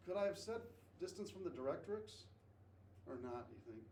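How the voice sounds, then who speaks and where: A man's voice: on the high side, big pitch swings, brisk, long pauses, a little mellow. Man teaching math in an echoey classroom. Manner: repeats points with frequent "okay?" checks, encouraging. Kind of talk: classroom lecture. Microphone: distant camera mic. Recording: echoey classroom from far off, faint noise.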